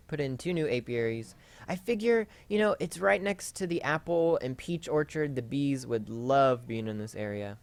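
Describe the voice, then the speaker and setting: A man's voice: medium pitch, expressive, moderate pace, clear, resonant tone. A man hosting a Let's Play, rambling through a casual story with lots of fillers and self-corrections while he plays.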